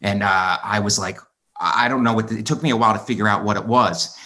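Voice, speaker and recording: A man's voice: lowish voice, fast talker, bright, forceful tone. A man hosting a podcast in casual chat, rambling through a personal story and recounting exchanges with other people. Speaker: podcast host.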